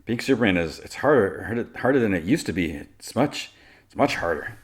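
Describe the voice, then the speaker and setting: A man's voice: fairly low pitch, big pitch swings, brisk, husky. A man voicing a mild-mannered, polite young superhero who sounds awkward and apologetic.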